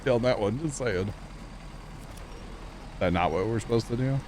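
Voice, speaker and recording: A man's voice: on the low side, normal speed, a little mellow, slight background noise. A man hosting a gameplay livestream, chatting and joking with viewers and teammates. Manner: chatty, jokey, talks to viewers. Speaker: livestream host. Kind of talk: casual gameplay chat.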